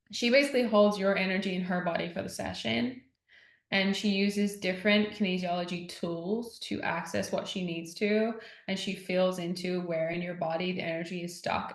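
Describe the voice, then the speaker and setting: A woman's voice: fairly low pitch, a bit bright, echoey room. A woman talking as a podcast guest in casual conversation, chatty and full of "like", retelling what others said. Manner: chatty, heavy use of "like", retells others' words. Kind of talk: casual interview chat.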